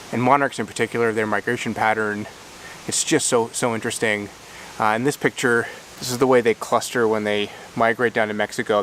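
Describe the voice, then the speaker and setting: A man's voice: fairly low pitch, fairly bright tone, a little hiss or hum. A man in his thirties, originally from Czechoslovakia, answering viewer questions in a casual vlog, thoughtful and a little self-deprecating with frequent fillers and restarts.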